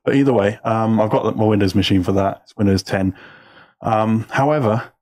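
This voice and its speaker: A man hosting a casual live stream about his music, relaxed and chatty, laughing often. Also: on the low side, normal speed. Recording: loud music under the voice.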